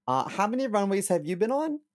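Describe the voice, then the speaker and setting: A man's voice: sits high, big pitch swings, a little fast. A man co-hosting a podcast, chatting casually in a playful, laid-back way. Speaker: podcast co-host. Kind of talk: casual chat.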